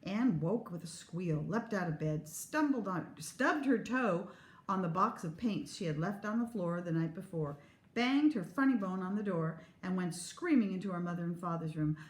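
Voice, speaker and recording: A woman teacher reads a children's storybook aloud. Her delivery is lively and expressive. The recording has a roomy echo. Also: fairly low pitch, normal speed. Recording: echoey room.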